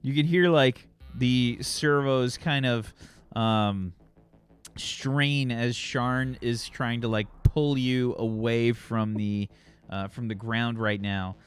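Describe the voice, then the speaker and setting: A man's voice: mid-range voice, steady tone, slow, smooth. A man narrating a tabletop role-playing game as game master, hesitant and full of fillers.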